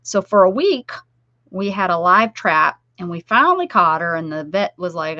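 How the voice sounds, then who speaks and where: A woman's voice: on the low side, sing-song, moderate pace, bright, forceful tone, no room sound. Chatty middle-aged woman streaming crafts from home, dull lo-fi mic, dry room. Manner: chatty, rambling, talks to viewers by name. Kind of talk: casual live-stream chat while crafting.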